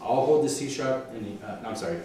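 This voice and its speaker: A man's voice: medium pitch, a little fast, warm tone. A man teaching a one-on-one clarinet lesson, encouraging his student, counting aloud and singing phrases. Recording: echoey room from a distance, faint noise.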